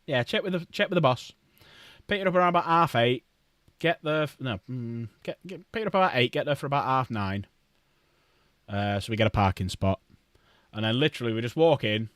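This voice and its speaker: A man's voice: medium pitch, lively intonation, brisk, fairly bright tone, no echo. A man streaming casually, chatting and rambling to viewers while building models. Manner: rambling, chatty, talks to chat.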